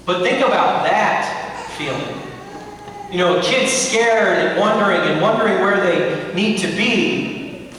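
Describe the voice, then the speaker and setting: A man's voice: high voice, expressive, measured pace, sharp tone, a little hiss or hum. A young man preaching a sermon as pastor, telling stories with playful asides to the congregation. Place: church sanctuary. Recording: echoey church from far off.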